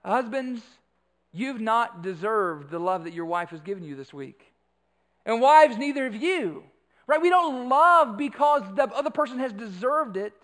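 A middle-aged man preaching a sermon, swinging from quiet asides to loud, stretched-out emphasis. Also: very high-pitched, lively intonation, unhurried. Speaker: pastor.

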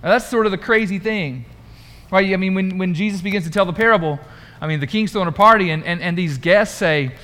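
High-voiced preacher, chatty. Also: male voice, brisk. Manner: conversational, animated, asks the congregation questions. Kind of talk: sermon. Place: church room.

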